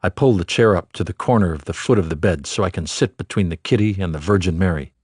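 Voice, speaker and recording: Male audiobook narrator, low voice, dry close-mic sound, measured rhythmic delivery of literary prose. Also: a little mellow, husky, no room sound.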